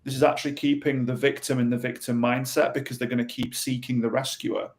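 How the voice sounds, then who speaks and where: A man talking as a podcast guest, giving animated advice and acting out quoted voices. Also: medium pitch, quick pace. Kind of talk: conversational advice.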